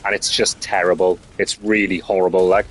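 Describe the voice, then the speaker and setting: Young streamer, lowish voice, loose, rambling, sweary delivery. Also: male voice, little pitch movement, fairly quick, soft background music. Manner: rambling, sweary, filler-heavy. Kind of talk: casual chat.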